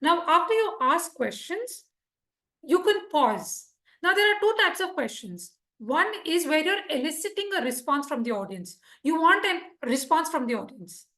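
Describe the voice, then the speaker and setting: A woman's voice: high-pitched, moderate pace. A woman teaching public speaking to a club, quizzing the room and acting out examples. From India. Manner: lively, quizzes the audience, acts out examples. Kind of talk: interactive workshop lesson.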